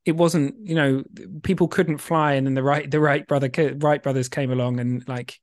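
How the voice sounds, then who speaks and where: Animated man explaining on a podcast. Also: mid-range voice, normal speed, no room sound, studio quality. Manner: animated, emphatic, casually swearing. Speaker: podcast co-host. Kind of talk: casual explanatory chat.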